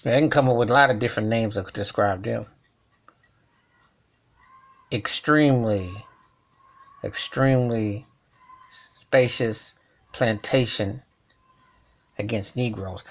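A man's voice: mid-range voice, normal speed, a bit bright. A man delivering an emphatic, repetitive rant in colloquial speech, commenting as a vlogger. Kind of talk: ranting commentary.

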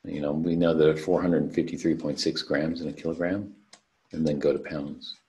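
Recorded on a computer mic during a video call, a man with a mellow bass voice teaches an online chemistry lesson. He keeps a level tone and moderate pace, methodically explaining unit conversions through worked problems, step by step.

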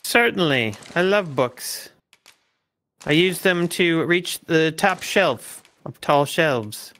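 A man's voice: fairly high pitch, animated, slow pace, a bit bright. A man playing a prim little companion. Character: small male companion, prim and obliging.

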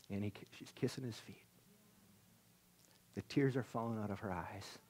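A male pastor giving a conversational sermon in a church service, swinging from loud exclamations to hushed near-whispers and laughing at himself. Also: on the low side, normal speed, creaky, long pauses, slightly rough.

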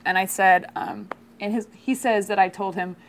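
A young woman comedian telling a childhood story in a wry, casual, deadpan way, with music playing behind her. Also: medium pitch, moderate pace. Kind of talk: comic storytelling.

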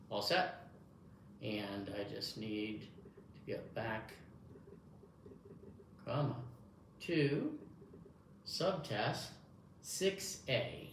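A man with a medium-pitched voice and lively intonation speaks at a slow pace. He is giving a hearing test demonstration, offering encouragement as if to a little child. Faint background noise and room echo are audible.

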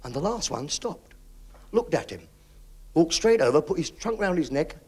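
A man doing stand-up comedy on a 1970s TV stage, telling quick jokes with punchlines. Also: big pitch swings, husky. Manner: brisk punchline delivery with big pitch swings. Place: TV studio stage with audience.

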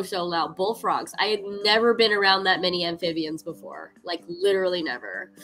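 A woman's voice: on the low side, a bit bright, low-quality recording. A woman hosting a cooking livestream, chatting casually and upbeat with her viewers, laughing often and using lots of "like". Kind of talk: casual chat to stream viewers.

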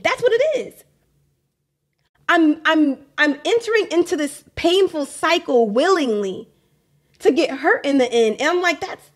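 A woman's voice: high-pitched, lively intonation, normal speed. A young adult woman hosting a faith podcast, talking candidly in a casual monologue, often repeating phrases and laughing. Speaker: podcast host.

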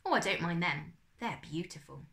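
A woman reading aloud and voicing a gentle, polite young boy in a children's story, soft and wondering. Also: fairly low pitch, lively intonation, normal speed, creaky, roomy sound.

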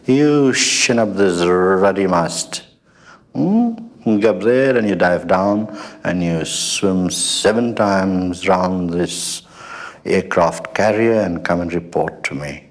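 A man's voice: sits low, animated, slow. A man voicing a bossy male naval admiral who gives orders to a sailor. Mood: commanding.

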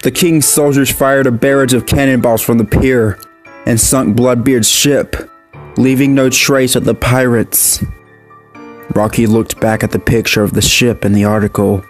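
A man reading a dark horror story aloud in a steady, measured narration. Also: mid-range voice, faint music behind.

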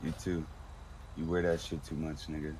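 Man, very low voice, laid-back slang, teasing roleplay chat, noisy voice chat. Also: flat delivery, normal speed, darkish tone. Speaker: roleplay player. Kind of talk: in-character game roleplay chat.

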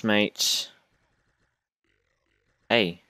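Low-voiced young aussie guy rambling over his gameplay, whiny and self-mocking, dead dry sound. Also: steady tone, slow, pauses often, bright, forceful tone, no room sound. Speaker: gaming YouTuber. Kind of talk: casual gameplay commentary.

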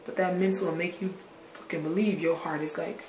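Grown woman, low-ish voice, candid vlogger, rambling and blunt, echoey room. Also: fairly even intonation, fairly quick, a little mellow, slight background noise. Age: adult. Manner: rambling, drifts from subject to subject; frank, swears casually. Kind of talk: candid personal vlog talk. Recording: roomy echoey recording.

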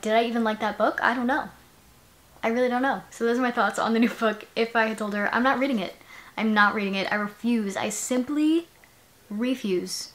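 Chatty young woman book vlogger. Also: a little high. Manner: chatty, gushing, lots of "like" and "you know what I mean". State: sleepy. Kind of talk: casual reading vlog chat.

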